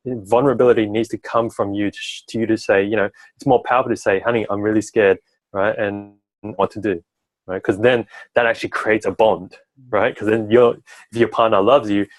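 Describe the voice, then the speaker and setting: Low-voiced man coaching on relationships. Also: steady tone, fairly quick, dry recording, low-quality recording. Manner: talkative, tags sentences with "right?". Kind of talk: advice-giving conversation.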